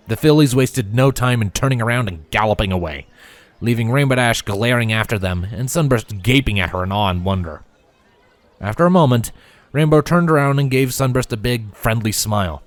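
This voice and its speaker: A man reading fanfiction aloud as narrator, in a lively storytelling manner. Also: fairly low pitch, a little fast, no echo.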